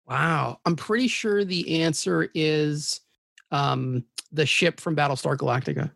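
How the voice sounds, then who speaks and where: This podcast guest takes his time, his slightly high voice creaky yet fairly bright as he rambles with enthusiasm and fixes his words partway through sentences. The casual chat is captured close-up in a dry recording.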